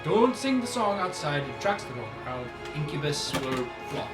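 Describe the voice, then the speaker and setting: Man as high, lively secretive informant. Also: moderate pace. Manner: warning, conspiratorial, laughs while giving advice. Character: secretive informant who has kept up an act for years. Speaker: game master. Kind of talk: voicing a character in a tabletop game. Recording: roomy, with background music.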